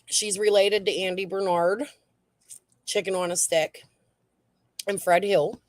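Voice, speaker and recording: A woman's voice: mid-range voice, steady tone, unhurried, dry recording. A woman hosting a casual true crime livestream and reading the chat, talking in a blunt, heated way that is full of swearing.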